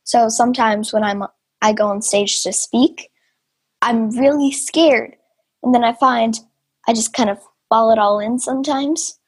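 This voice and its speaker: A woman interviewing a father and son, asking gentle, encouraging questions in a casual chat. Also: on the high side, measured pace, slightly rough.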